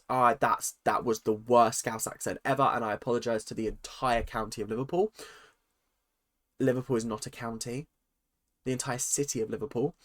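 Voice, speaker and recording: A man, chatting through a casual, opinionated rant vlog full of lively asides. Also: mid-range voice, normal speed. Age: 20s. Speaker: vlogger.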